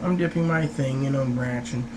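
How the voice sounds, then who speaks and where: A man's voice: mid-range voice, a little fast, background noise. A man vlogging in a casual, rambling storytelling way, full of hesitations and fillers, who raises his voice to act out what other people said.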